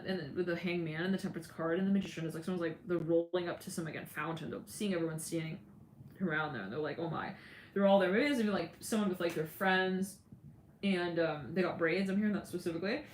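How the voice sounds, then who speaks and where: A tarot reader with a lowish voice gives a casual, rambling reading, laughing often and acting out what people say. There's slight background noise, and the room is echoey with faint ambience.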